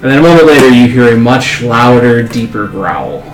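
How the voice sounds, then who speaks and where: A man narrating as game master of a tabletop game in an unhurried, descriptive way. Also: mid-range voice, expressive. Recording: echoey room, music behind.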